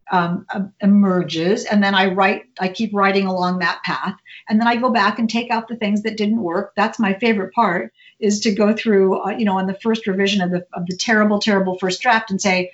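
A woman author speaks in a casual interview, talking in an animated, chatty way and often restarting her sentences. Her voice sits in a middle range. The audio sounds dull and lo-fi. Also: medium pitch, normal speed. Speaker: author and reporter guest.

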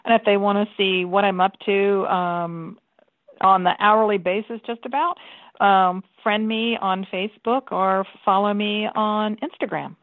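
A woman's voice: mid-range voice, fairly even intonation, unhurried, dry recording. A woman author chatting casually as an interview guest, with plenty of ums. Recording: tinny phone-line sound.

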